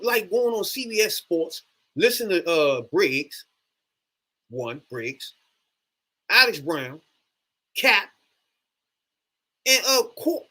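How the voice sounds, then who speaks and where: Fired-up guy ranting into the camera, swearing a lot, voice jumping all over, kinda high. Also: husky. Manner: animated, profane, exasperated ranting. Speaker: sports fan vlogger. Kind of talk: casual ranting monologue.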